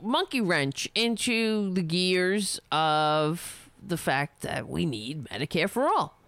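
A woman's voice: a little high, a bit bright, clean tone, dry recording. A woman delivering a heated, sarcastic, profane political rant, speaking for herself. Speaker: political commentator.

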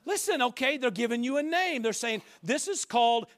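A man preaching a sermon as pastor, emphatic, with repeated rhetorical questions that build up to shouting. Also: extremely high pitch, animated, fairly quick.

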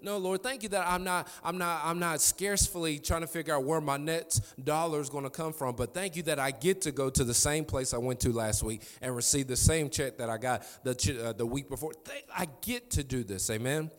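A man's voice: fairly high pitch, brisk, hardly any pauses. A man in his thirties preaching a sermon, telling family stories with emphatic repetition. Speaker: pastor. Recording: reverberant church hall.

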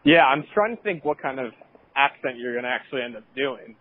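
A man's voice: medium pitch, animated, brisk, phone-quality sound, slight background noise. A man co-hosting a casual podcast, talking in a laid-back, hesitant way while walking home on a headphone mic. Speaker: podcast co-host.

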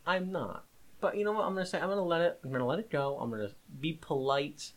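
A man co-hosting a casual podcast, telling a story in an animated, exasperated way. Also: on the high side, quick pace. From Italian-American. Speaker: podcast co-host. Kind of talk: casual chat.

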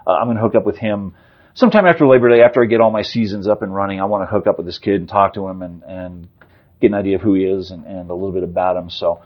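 A man's voice: low-pitched, fairly even intonation, dull audio. A man in his fifties, a sportswriter guest, talking off the cuff with lots of fillers and restarts in a casual sports interview. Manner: rapid off-the-cuff talk with frequent fillers and restarts.

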